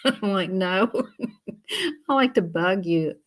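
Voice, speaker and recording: Brief: woman streamer, chatty and giggly, mid-pitched, talks to her chat. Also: expressive, takes it slowly. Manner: chatty, laughs often, greets viewers. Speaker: livestream host. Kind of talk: casual livestream chat while coloring.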